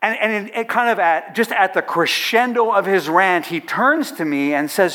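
A man's voice: high-pitched, moderate pace, few pauses, bright, forceful tone. A middle-aged man who leads a chaplaincy organization, telling an anecdote to an audience with playful asides. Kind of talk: storytelling talk to an audience.

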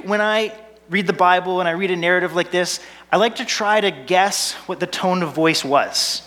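With a high-pitched, slightly bright voice, a man preaches a sermon that feels chatty and funny, posing rhetorical questions to his congregation. The sound rings with the long reverb of a large hall.

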